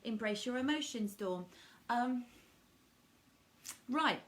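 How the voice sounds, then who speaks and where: A woman's voice: on the high side, lively intonation, slow pace, fairly bright tone. A middle-aged woman doing a live card reading, affectionately calling viewers darling and sweetie.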